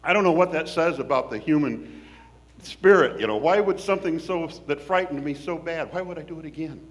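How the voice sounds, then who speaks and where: A man from Washington State, telling a personal story in an animated, folksy, wry way. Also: a little high, a little fast.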